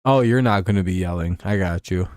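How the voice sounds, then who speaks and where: Profane, ranting man with a low voice. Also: brisk, a little mellow, no echo, studio quality. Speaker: host. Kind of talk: casual football talk show.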